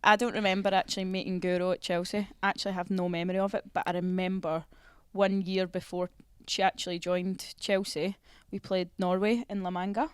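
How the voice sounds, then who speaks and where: A woman's voice: on the low side, flat delivery, fairly quick, hardly any pauses, clear, resonant tone, no room sound. A young Scottish woman chatting playfully on a podcast, teasing and laughing as a guest. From Scotland. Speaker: footballer guest. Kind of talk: casual podcast chat.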